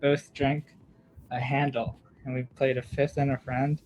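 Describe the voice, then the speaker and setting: A man's voice: medium pitch, little pitch movement, measured pace, a little mellow, a little hiss or hum, rough recording. A young man, a podcast co-host, telling a long story in casual chat, with lots of fillers, "like" and laughter. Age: young adult.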